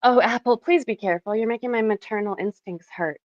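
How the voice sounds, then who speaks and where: A woman's voice: fairly high pitch, a little fast, dry recording, highs cut off. A Canadian woman in her thirties chatting casually with viewers on a live stream, rambling, laughing often and swearing now and then. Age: 30s.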